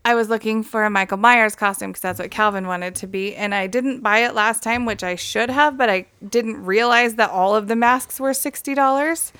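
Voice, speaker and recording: A woman's voice: on the high side, moderate pace, hardly any pauses, fairly bright tone, smooth, dry recording. A woman in casual podcast chat, talkative, swearing freely and laughing often.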